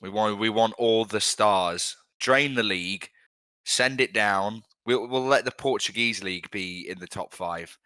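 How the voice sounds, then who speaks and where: Bright, dry-voiced young man bantering. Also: on the low side, unhurried, no echo. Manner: jokey, blunt banter with swearing. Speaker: podcast co-host. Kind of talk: casual football chat.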